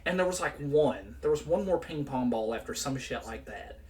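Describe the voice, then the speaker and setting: A man in his twenties, a podcast co-host telling a school story in casual chat, animated, profane and rambling. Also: medium pitch, moderate pace.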